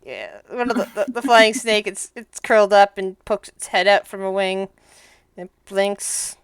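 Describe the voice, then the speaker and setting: Woman game master, tabletop narration, clear smooth voice, dry close sound. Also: medium pitch, no echo. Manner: relaxed, halting narration with restarts.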